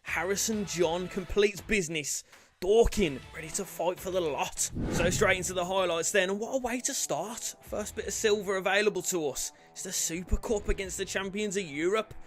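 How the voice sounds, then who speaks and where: A man commentating his football video game career with loud outbursts and cheeky banter. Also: high-pitched, moderate pace, soft background music. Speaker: gaming YouTuber.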